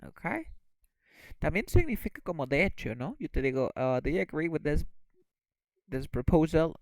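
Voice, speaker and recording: A man's voice: on the high side, sing-song, moderate pace, a little mellow, no room sound, low-quality recording. A man whose first language is Spanish, teaching English vocabulary and often checking in with "okay?". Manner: repeats words, checks in with "okay?". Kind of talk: bilingual lesson explanation.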